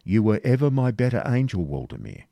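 A man's voice: lowish voice, huge pitch swings, fairly quick, creaky, dark tone, no echo, heavily acted. A man voicing a spoilt, hot-tempered prince in an audiobook reading, speaking in commanding, indignant courtly phrasing. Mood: lofty. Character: vain, hot-tempered adult male prince, spoilt and imperious.

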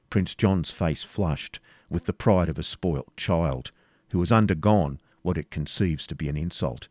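A man narrating a classic novel as an audiobook, in a measured, expressive reading. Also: low-pitched, no echo, clean studio sound.

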